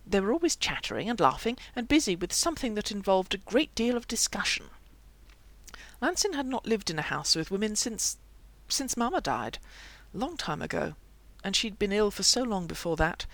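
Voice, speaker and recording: A narrator reading a fantasy novel aloud in a lively, expressive way. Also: mid-range voice, moderate pace. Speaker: audiobook narrator. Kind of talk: audiobook narration.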